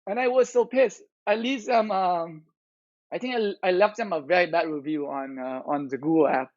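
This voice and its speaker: A man's voice: high-pitched, moderate pace, dry recording. A man streaming live and chatting casually, ranting in an aggrieved way and restarting his sentences often. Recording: dull lo-fi audio.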